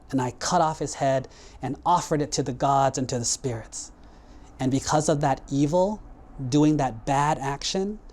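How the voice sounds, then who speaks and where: Man doing a wise talking goat, sorrowful, calm, low earnest telling, sermon story. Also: natural voice.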